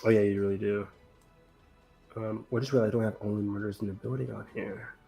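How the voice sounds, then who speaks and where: A man's voice: fairly low pitch, steady tone, a little fast, gravelly, warm tone, faint music behind. A man co-hosting a podcast in casual chat, rambling enthusiastically and loosely, with plenty of fillers. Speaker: podcast co-host.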